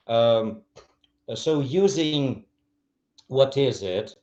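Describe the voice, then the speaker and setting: A man with a Ukrainian accent lecturing teachers on English, repeating example phrases with exaggerated intonation and often asking "clear?". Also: mid-range voice, very animated, drawn-out words, pauses often, a little mellow, muffled recording.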